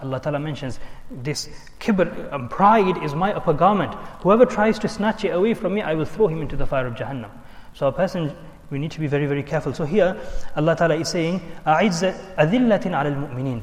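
A man's voice: a little high, darkish tone, long reverb tail. A man preaching a sermon, telling stories and mixing in Urdu and Arabic quotations. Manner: storytelling, switching between English, Urdu and Arabic quotations. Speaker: Islamic preacher.

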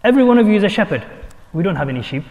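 Man, preacher; high-pitched, animated, rhetorical questions; recorded in a reverberant hall. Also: rapid-fire, lo-fi sound. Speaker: imam. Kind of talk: sermon.

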